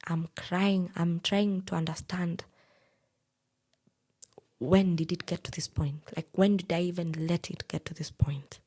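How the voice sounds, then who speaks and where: A woman's voice: fairly low pitch, a little slow, slightly rough. A young woman with a Kenyan accent, animatedly telling her own story and quoting the people in it. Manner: animated, quotes others in dialogue. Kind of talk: personal storytelling.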